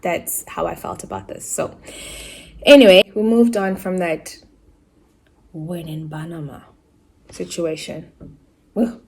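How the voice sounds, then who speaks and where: A woman from Africa giving a casual, animated book review, with laughing asides, mock outrage and characters' lines acted out in quick asides. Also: fairly low pitch, slightly rough.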